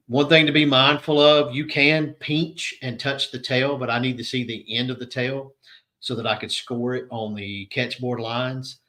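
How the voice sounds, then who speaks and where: A man's voice: medium pitch, sharp tone. A middle-aged man, a tournament director, giving a plain-spoken, conversational rules briefing to anglers.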